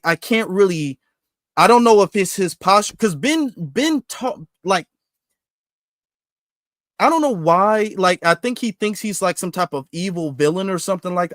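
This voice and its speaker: Man, high voice, rambling reaction commentary, dry close mic. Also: a bit bright, no echo. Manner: rambling, repetitive, with frequent restarts. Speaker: commentary channel host.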